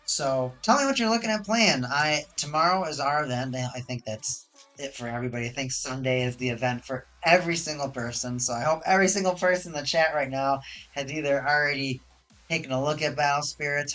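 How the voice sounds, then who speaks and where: Chatty, excitable card-opening streamer, mid pitch, hot desk mic, light music underneath. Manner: excitable and chatty, with frequent restarts and self-corrections. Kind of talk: casual live-stream chat while opening card boxes. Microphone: hot desk microphone with high gain.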